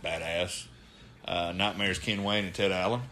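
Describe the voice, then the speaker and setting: With a deep, pushed and bright voice, a steady tone, and a measured pace, a former wrestler co-hosts a laid-back podcast. He swears freely while telling stories and gives voice to the quotes.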